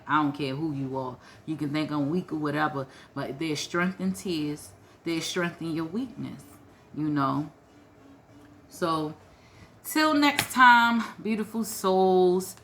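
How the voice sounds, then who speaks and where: A woman's voice: sits low, fairly even intonation, moderate pace, bright, forceful tone, slight background noise. A woman vlogger giving a heartfelt motivational talk to her viewers, earnest and conversational, full of "you know" fillers.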